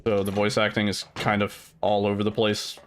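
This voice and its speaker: A man's voice: on the low side, monotone, normal speed, slight background noise. A man streaming a game, chatting casually and swearing freely with lots of filler words. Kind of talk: casual chat while gaming.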